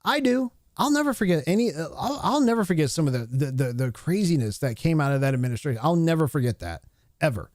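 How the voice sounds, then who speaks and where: Male streamer in his thirties, blunt and profane, fairly high-pitched, recorded dry and close. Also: sing-song, fast, a little mellow, dry recording. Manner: rambling and heated, with frequent restarts and fillers. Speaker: live stream host. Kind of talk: casual opinion rant on a live stream.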